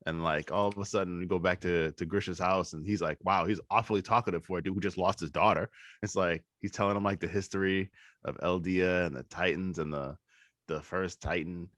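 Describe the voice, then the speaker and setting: A man's voice: low voice, fairly even intonation, fairly quick, a bit bright, no echo, clean studio sound. A man co-hosting a podcast, chiming in on an anime recap with reactions and extra details. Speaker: podcast co-host. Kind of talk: casual anime recap chat.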